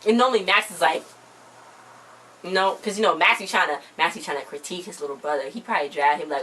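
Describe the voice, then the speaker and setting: A woman's voice: on the low side, quick pace, sharp tone, low-quality recording. A woman chatting casually as she recaps a TV dance show with a friend, gossiping and acting out what the judges and dancers said. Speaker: recap vlogger. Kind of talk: casual chat.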